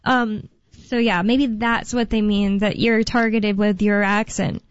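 A woman's voice: medium pitch, fairly even intonation, unhurried, no echo. A woman hosting a talk radio show, chatting casually and rambling with fillers and laughs. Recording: dull, dry studio sound.

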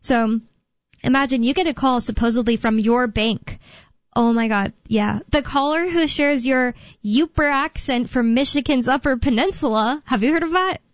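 Woman, talk radio host, fairly high voice, rambling casual chat, dry lo-fi radio sound. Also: normal speed, no echo. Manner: chatty, rambling, full of fillers. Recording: dull lo-fi radio broadcast sound.

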